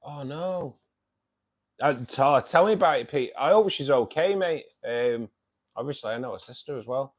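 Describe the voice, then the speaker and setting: A man greets viewers on a casual fishkeeping club live stream, filmed at home beside his tanks. His expressive, mid-range voice moves at normal speed through rambling, chatty jokes full of fillers.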